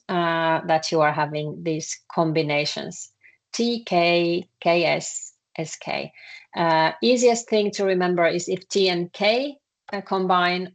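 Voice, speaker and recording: A Finnish-accented woman teaches a language lesson in a fairly low, creaky voice. She speaks haltingly, full of filler sounds, and repeats words as she explains.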